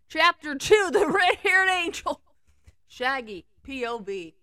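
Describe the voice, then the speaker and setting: A young woman casually reading fanfiction aloud, tossing in sarcastic remarks and giggles between passages. Her voice is of middling pitch, and the recording is dry and close, with no room sound. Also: normal speed, pushed and bright, clean tone, dry recording. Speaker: fanfiction reader.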